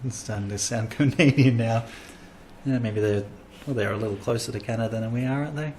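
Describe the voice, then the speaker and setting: Australian man, casual podcast chat, rambling storyteller, mid-pitched voice, faint background hiss. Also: fairly quick, darkish tone. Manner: rambling storytelling, acting out quotes. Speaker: comedian and podcast host.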